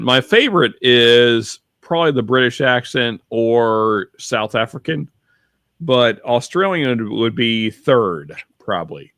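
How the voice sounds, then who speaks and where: A man's voice: mid-range voice, fairly bright tone, no room sound. A man chats loosely as a podcast co-host, his talk full of restarts and fillers as he rambles along. His voice sits in a middle register. The sound is dry and close, with no room around it. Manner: reads viewer chat aloud. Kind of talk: casual chat.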